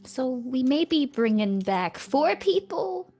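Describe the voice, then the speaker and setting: Casting: woman player, bouncy intonation, laughs often, soft music underneath. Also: sits high, takes it slowly. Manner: giggly, animated. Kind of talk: playing a tabletop game.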